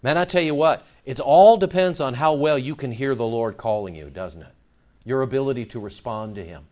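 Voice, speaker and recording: A man's voice: medium pitch, a little fast, darkish tone, lo-fi sound. A man preaching a sermon to his congregation. He asks rhetorical questions and repeats phrases for emphasis. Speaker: pastor.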